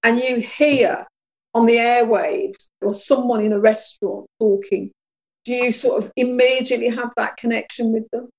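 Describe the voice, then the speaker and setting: Female host, slightly high and gravelly, chatty and emphatic, leads a casual discussion. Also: steady tone, moderate pace, low-quality recording. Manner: chatty, emphatic, asks guests questions. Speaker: podcast host.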